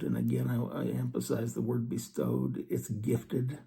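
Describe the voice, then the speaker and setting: A man giving an earnest scripture study talk, reading verses slowly and then explaining them. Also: mid-range voice, flat delivery, gravelly, warm tone. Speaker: religious teacher.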